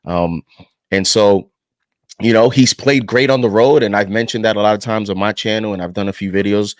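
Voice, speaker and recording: Low-voiced man talking sports. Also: no echo. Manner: measured, says "you know" often. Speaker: podcast panelist. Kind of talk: casual sports discussion.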